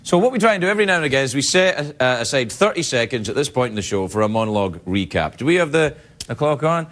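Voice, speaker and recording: A man hosting a late-night talk show, cracking quick jokes and playful asides to a studio audience. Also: mid-range voice, very animated, fairly bright tone. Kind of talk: comedy monologue banter. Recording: studio audience laughter and noise.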